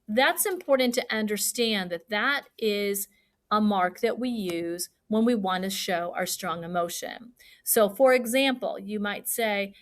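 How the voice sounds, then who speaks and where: A woman who teaches fourth grade, giving a recorded lesson to her pupils in a patient, clear way and acting out example sentences with feeling. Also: medium pitch. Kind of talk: recorded remote lesson for children.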